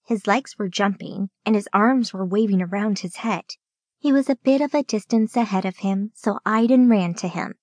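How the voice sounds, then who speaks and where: A woman narrating a children's audiobook in a clear, steady reading voice. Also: mid-range voice, normal speed, dry recording.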